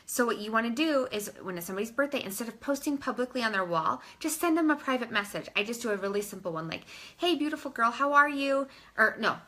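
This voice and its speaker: A woman coaching her team, talking straight to her listeners in a loose, chatty way. Her voice sits a little high and rings bright and forceful. She sprinkles in "like" and "you guys" as she explains. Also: animated, fast talker, hardly any pauses. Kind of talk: casual instructional talk.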